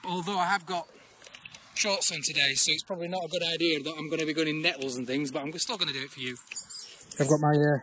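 A man, chatting casually as he walks an overgrown old railway path outdoors, often pausing on "uh". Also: a little high, a little hiss or hum. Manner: chatty, with frequent "uh" pauses. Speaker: urban exploring vlogger. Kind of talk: casual walk-and-talk commentary.

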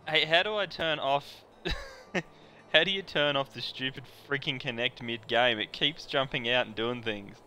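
An excitable man streams a video game from home, talking into a headset with a bright, forward voice. He jokes and pokes fun at himself as he plays. Faint music sits behind him. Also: medium pitch, unhurried. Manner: excitable, joking, self-deprecating. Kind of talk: casual live-stream chat.

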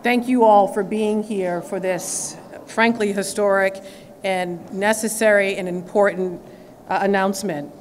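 A woman's voice: medium pitch, steady tone, a little slow. A woman attorney general giving a formal speech at a press conference, with the occasional filler. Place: government press event room. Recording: reverberant hall with faint background noise.

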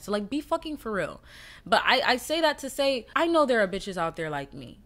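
A young woman hosts her own podcast in a casual solo monologue, speaking briskly in a slightly high, fairly bright voice with big pitch swings. She talks candidly to her listeners and curses heavily.

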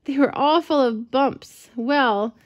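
A woman reading a picture book aloud to a child, gentle and expressive, with chatty asides. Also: on the high side, slow, muffled recording. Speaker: storyteller for children. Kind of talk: read-aloud storytelling to a child.

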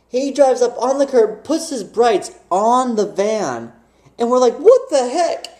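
A young man telling a funny story to the camera in a casual, animated way, often laughing and acting out the people in it. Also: sits high, echoey room. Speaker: vlogger.

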